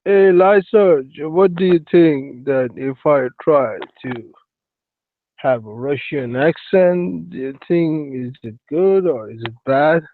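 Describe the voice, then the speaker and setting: A man hosting a casual live stream, rambling slowly and calling out to his viewers by name, on a tinny phone-like recording. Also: on the high side. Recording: tinny phone-like sound, dry.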